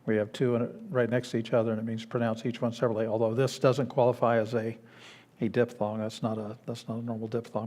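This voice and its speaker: A man's voice: medium pitch, darkish tone. A man teaching a beginners' Greek class in a church classroom, explaining patiently with frequent restarts and fillers. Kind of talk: classroom lecture.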